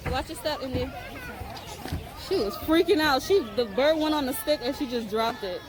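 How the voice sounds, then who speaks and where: A woman's voice: high-pitched, animated, normal speed, crowd noise. A young woman filming a family outing, coaxing her toddler and laughing often. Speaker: mother and vlogger. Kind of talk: casual family vlog narration. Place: outdoor aviary with birds.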